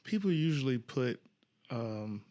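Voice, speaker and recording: A man's voice: mid-range voice, expressive, a little slow, mellow. A young man talking casually as a podcast guest, laughing often, loose and profane, an improviser and TV writer.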